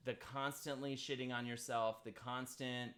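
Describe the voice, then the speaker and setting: A man's voice: mid-range voice, flat delivery, normal speed, fairly bright tone. A young man hosting a casual livestream, joking around and then speaking earnestly and heartfelt to his wife. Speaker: streamer host.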